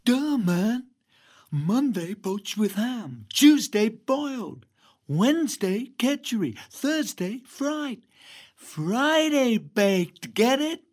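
A woman's voice: a little high, sing-song, takes it slowly, a little mellow, pitched above the performer's own voice, exaggerated voice. A woman doing a drawling hippie teen girl. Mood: condescending. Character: bored teenage girl with hippie slang.

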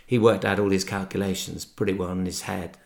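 A man raised in Ireland talks about his books and his past in an easy, rambling way. His voice sits fairly low, and a faint Irish lilt shows through a polished English accent. He corrects himself often as he goes. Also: little pitch movement, fairly quick, gravelly. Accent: slight Irish lilt with English polish. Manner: rambling, anecdotal, self-correcting. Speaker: author guest. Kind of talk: casual interview chat.

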